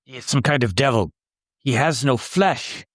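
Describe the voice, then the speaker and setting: A man's voice: medium pitch, expressive, normal speed, dry recording, studio quality. A man playing his character in a tabletop game, speaking in a blunt, stubborn, insistent way. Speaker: player. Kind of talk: in-character tabletop role-play.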